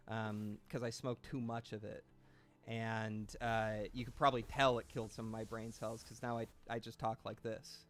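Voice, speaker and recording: A man's voice: medium pitch, fairly bright tone. A man in his late twenties chatting casually on a gaming stream, rambling and self-deprecating, swearing freely and answering chat as he plays.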